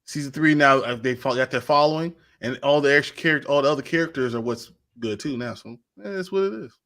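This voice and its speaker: A man's voice: medium pitch, fast, a bit bright. A man co-hosting a casual live chat show, rambling, with frequent laughs and repeated starts. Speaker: co-host.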